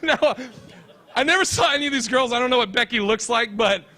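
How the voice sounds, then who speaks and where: Brash high-voiced stand-up comedian, man. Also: bright, forceful tone, a faint crowd. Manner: brash, fast storytelling.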